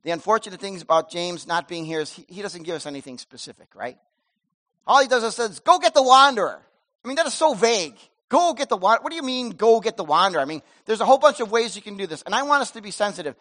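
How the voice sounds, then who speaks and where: A middle-aged male pastor preaching a sermon in a church, animated, moving between loud emphasis and soft asides. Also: high-pitched, quick pace.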